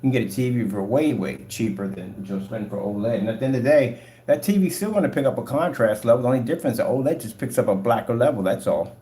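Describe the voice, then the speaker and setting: A man's voice: medium pitch, expressive, fast talker, few pauses, warm tone. A man giving a casual product demonstration for his projector screen paint, talking in an emphatic, rambling sales style at home. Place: home room with a projector and gray wall. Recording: roomy echo.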